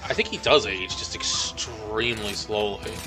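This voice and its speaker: Guy rambling on a game stream, kinda low voice, game music going behind him. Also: moderate pace. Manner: rambling, lots of "like" fillers. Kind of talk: casual gameplay chat.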